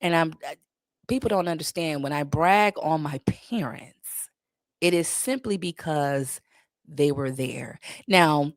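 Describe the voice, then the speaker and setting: A woman in her thirties with a lowish voice hosts a casual livestream Q&A. She talks bluntly and candidly, swearing freely and laughing often. The sound is dry and close, with no room around it. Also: a little slow, no room sound. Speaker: livestream host.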